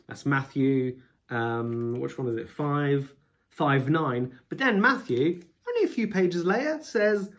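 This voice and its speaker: A man's voice: a little high, lively intonation, slow pace, a bit bright. Rambling, self-deprecating man reading scripture. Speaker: video creator. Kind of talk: casual musing while reading scripture aloud.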